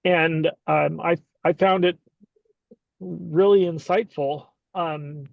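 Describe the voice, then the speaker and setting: A man taking part in a group discussion, speaking slowly and hesitantly with many fillers. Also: a little high, fairly even intonation, gravelly, no echo, phone-quality sound. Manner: slow, hesitant.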